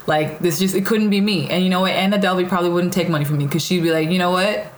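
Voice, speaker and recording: A woman's voice: fairly low pitch, fairly even intonation, rapid-fire, echoey room. A woman co-hosting a casual podcast, talking bluntly and with lots of animation, swearing freely. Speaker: podcast co-host.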